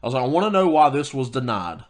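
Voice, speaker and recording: A man's voice: mid-range voice, big pitch swings, fast talker. A man co-hosting a podcast, telling a heated story in casual chat with many restarts. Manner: storytelling, quoting himself heatedly, lots of restarts. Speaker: podcast co-host.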